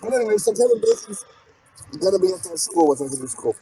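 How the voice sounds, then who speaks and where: A man's voice: high-pitched, lively intonation, quick pace, a crowd in the background. A man co-hosting a comedy podcast, rambling through crude stories in casual chat and laughing often. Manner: rambling, profane, laughs a lot. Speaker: podcast co-host.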